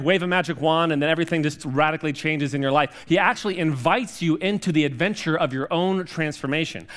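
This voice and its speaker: A man's voice: on the high side, a bit bright. A man in his forties giving a humorous, chatty sermon in a church, self-deprecating, with many restarts and fillers. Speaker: guest preacher. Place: church sanctuary.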